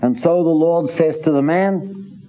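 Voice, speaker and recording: Man giving a sermon, husky and a bit high, sounds like it's over a phone line. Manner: earnest, halting with repeated restarts, reads scripture in old phrasing. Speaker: preacher. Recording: tinny phone-like recording.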